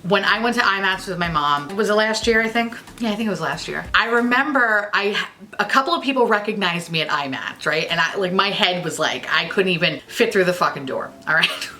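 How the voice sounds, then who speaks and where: A woman's voice: medium pitch, lively intonation, fairly quick, sharp tone. A young woman beauty vlogger chatting casually to camera, jokey and swearing freely.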